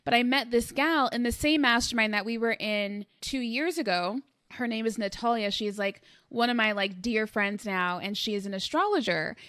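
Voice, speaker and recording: A young woman hosting a podcast interview, telling stories in an animated, chatty way with lots of fillers. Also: on the high side, normal speed, clean tone, no room sound, clean studio sound. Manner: animated storytelling, acting out quoted voices, many fillers. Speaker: podcast host. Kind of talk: casual conversational interview.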